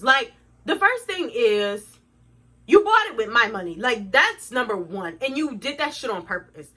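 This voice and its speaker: Bright, blunt young woman ranting. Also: a little high, very animated, measured pace, slightly rough. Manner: blunt, profane and indignant, addressing viewers as y'all. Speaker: vlogger. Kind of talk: storytime rant.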